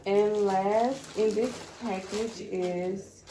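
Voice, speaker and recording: A woman's voice: mid-range voice, fairly even intonation, extremely slow, warm tone, slight background noise. A young woman, talking straight to her viewers in a chatty, emotional home vlog. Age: young adult. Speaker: vlogger. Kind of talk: casual vlog unboxing.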